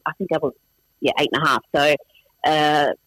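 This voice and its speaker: Recorded roughly but without echo, this middle-aged interview guest speaks with an Australian accent; he was born in Iran and Farsi is his first language. His voice is on the high side, a bit bright, fairly even in intonation, at a moderate pace, as he chats casually, mocks himself, and fills his speech with restarts and fillers.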